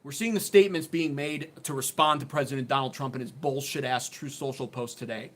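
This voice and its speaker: A man's voice: medium pitch, fairly quick. A man hosting a political livestream, sarcastic, worked up and blunt, swearing as he talks into a phone on a desk mount. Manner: sarcastic, riled up, blunt and profane. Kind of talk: heated political commentary livestream.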